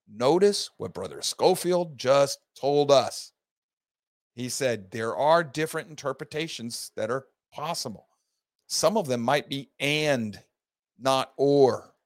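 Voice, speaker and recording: Man, Bible class teacher, gravelly, emphatic, dry close sound. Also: mid-range voice, dry recording. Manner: emphatic, restarts and stresses words when making a point. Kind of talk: recorded Bible study lesson.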